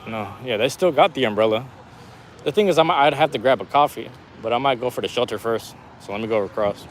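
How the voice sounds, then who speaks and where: A man's voice: mid-range voice, fast talker, slight background noise. Laid-back man streaming from a rainy street. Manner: laid-back, rambling street talk with slang. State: losing his voice. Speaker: live streamer. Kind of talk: casual walking live stream. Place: outdoors on a city street in the rain.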